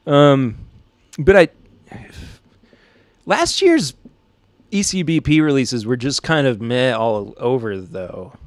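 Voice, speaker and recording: This Southern US podcast host chats and jokes in response to a live chat, speaking in a mid-range, sing-song voice. He goes slowly with long pauses, and the recording is dry. There's a slight edge of stress in him.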